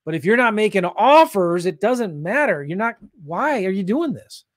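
A man from St. Louis coaching real estate investors on a livestream, pushing hard in an energetic sales style. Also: sits high, normal speed, dry recording, studio quality. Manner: pushy, energetic sales talk.

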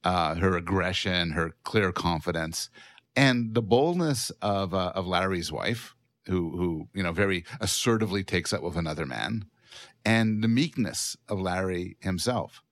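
A man with a very deep voice joins a casual film discussion, asking measured questions and floating ideas. The sound is dry and close. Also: animated, fairly bright tone, dry recording. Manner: asks probing questions, measured. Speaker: podcast panelist.

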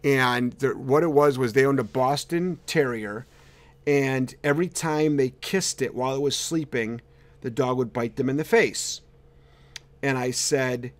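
A man's voice: mid-range voice, moderate pace, dry recording. A man hosting a casual live dog-training Q&A, talking bluntly and emphatically and repeating words for stress. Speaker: dog trainer and show host.

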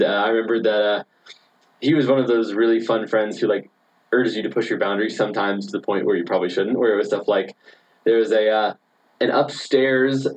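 A man in his twenties chats casually as a podcast guest, rambling through stories with lots of fillers and laughs. His voice sits fairly low, and the audio quality is poor.

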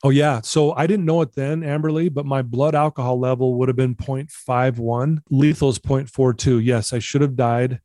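Earnest man telling his story, mellow voice. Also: mid-range voice, fairly even intonation, moderate pace, hardly any pauses, no room sound, studio quality. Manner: earnest, candid, repeats himself for emphasis. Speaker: guest. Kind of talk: personal storytelling in conversation.

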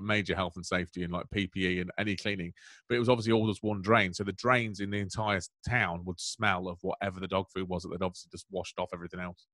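A man chatting as a guest comedian on a casual podcast, quick and chatty, often breaking into laughter. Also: fairly low pitch, fairly bright tone, dry recording, studio quality. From England.

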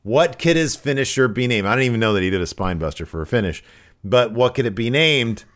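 A man co-hosting a podcast, recapping wrestling in an animated, jokey way. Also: medium pitch, brisk. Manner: animated, jokey, puts on mock voices. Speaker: podcast co-host. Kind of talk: casual wrestling recap chat.

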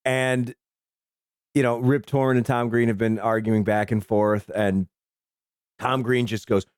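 Man, podcast co-host, casual film talk, excited, swears a lot, dry close sound. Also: mid-range voice, a little slow, clear, resonant tone, no echo. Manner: excited, profane retelling of scenes.

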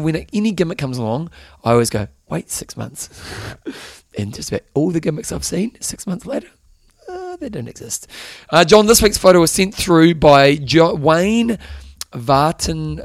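A New man with a gravelly, slightly high voice that swings up and down a lot. He chats casually on a podcast, rambling and laughing as he goes. The sound is dry and close. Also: brisk, no echo. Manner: animated, rambling, laughs often. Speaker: podcast co-host. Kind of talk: casual chat.

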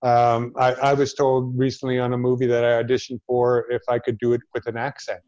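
A man's voice: mid-range voice, completely flat delivery, fairly quick, a little mellow, no room sound. Earnest man talking bluntly, dry dull sound. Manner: earnest, blunt, speaks out against stereotypes. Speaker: actor, podcast guest. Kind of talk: casual chat.

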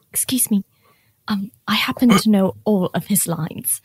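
A woman's voice: mid-range voice, slow, husky, no echo. A woman playing a flustered, eager helper. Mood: hesitant. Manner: hesitant, full of ums, flustered. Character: nervous young woman errand helper, eager to step in.

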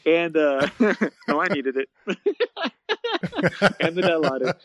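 A young man, a guest, casually telling his story in an interview, animated and laughing often, peppering his talk with "man" and "bro.". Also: on the high side, slow pace, pauses often, no room sound. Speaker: guest, fitness coach and speaker. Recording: dull, dry lo-fi sound.

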